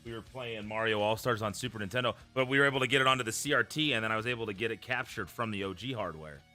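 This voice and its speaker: A man's voice: fairly low pitch, rapid-fire, sharp tone, faint music behind. A man chatting casually as a podcast co-host, rambling about his sleep schedule and old game consoles. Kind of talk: casual chat.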